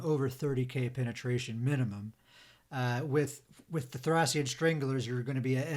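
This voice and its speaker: A man hosting a casual gaming podcast, explaining game mechanics in a loose, chatty way full of "uh" and "um". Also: mid-range voice. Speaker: podcast host.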